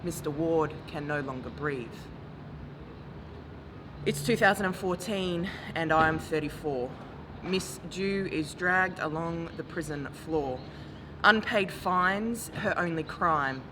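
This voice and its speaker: Woman in her forties, spoken word poet, unhurried and grave, over a noisy backdrop of traffic. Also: low-pitched. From Australia. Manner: measured, grave delivery rising to impassioned calls. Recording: noisy recording with traffic ambience.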